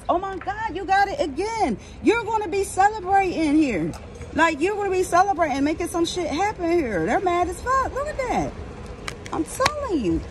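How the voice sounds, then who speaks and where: A high-voiced woman giving a casual tarot reading outdoors, blunt and heavy with swearing. Steady noise and passing traffic run under her voice. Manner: blunt, profane and emphatic. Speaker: tarot reader.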